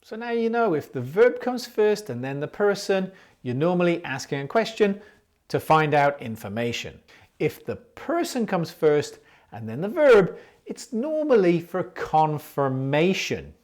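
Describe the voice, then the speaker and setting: An English teacher explaining a grammar lesson clearly and patiently, speaking example questions aloud. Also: mid-range voice, sing-song, measured pace, a little mellow.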